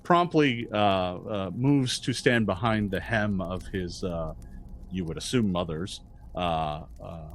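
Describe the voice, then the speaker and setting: A man narrating as game master of a tabletop game, halting and full of restarts. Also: low-pitched, slight background noise. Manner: hesitant, full of fillers and restarts.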